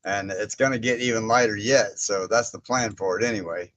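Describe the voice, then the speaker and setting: A man's voice: on the low side, a little fast, fairly bright tone, a little hiss or hum. A man chats through a loose livestream from inside his barn. He rambles and chuckles as he greets viewers by name. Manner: rambling, chuckles often, reads chat names aloud. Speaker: livestream host. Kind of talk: casual livestream chat. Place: indoor barn workspace.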